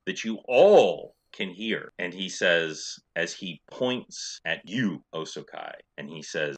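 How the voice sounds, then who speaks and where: Lively man narrating as dungeon master. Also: low-pitched, takes it slowly, few pauses. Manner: animated, playful, with sound effects. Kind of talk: narrating a tabletop game.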